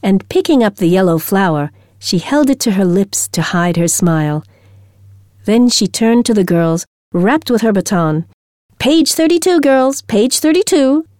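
A woman reading a story aloud in a gentle, measured storytelling manner. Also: mid-range voice, animated, dry recording, clean studio sound. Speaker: narrator.

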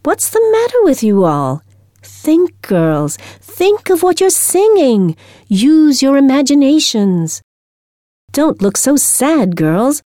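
A woman reading a storybook aloud, voicing a cheerful, eager young music teacher in a bright, excited manner. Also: high-pitched, slow pace, dry recording, studio quality, pitched above the performer's own voice, exaggerated voice.

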